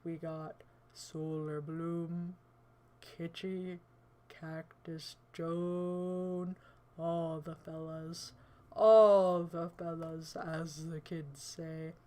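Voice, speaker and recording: A put-on deep man voice, as a woman streamer fakes it, dragged out very slowly and kept low. The delivery is flat with little rise and fall, playful and theatrical as it greets the viewers. It is casual livestream chat. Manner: slow, drawling, jokey and theatrical. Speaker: livestream host.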